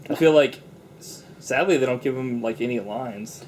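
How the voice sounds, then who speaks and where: A man's voice: medium pitch, normal speed, darkish tone, a little hiss or hum. A young man co-hosting a casual movie review chat, loose and profane, often laughing.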